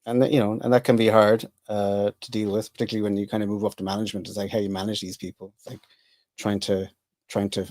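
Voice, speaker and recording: Low-voiced Irish man, dry humour. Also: a little mellow, dry recording. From Ireland. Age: middle-aged. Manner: rambling, self-interrupting, dry humour. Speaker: podcast guest, engineer. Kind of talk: casual interview chat.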